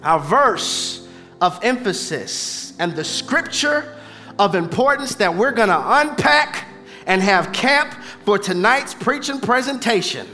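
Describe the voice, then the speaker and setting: A male pastor preaches in a high, lively voice with a bright edge, stretching his words out slowly for effect. His sermon rings through a church hall with a long echo and soft music underneath. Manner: dramatic, emphatic, slow and drawn out.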